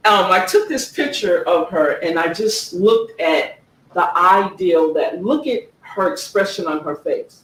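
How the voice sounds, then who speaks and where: A woman's voice: lowish voice, animated, fairly bright tone. Earnest woman author in an echoey room. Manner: earnest, slow emphatic reading, frequent "okay?" check-ins. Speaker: author presenting her own book. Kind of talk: book talk with read-aloud passages. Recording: echoey room, distant mic, faint background noise.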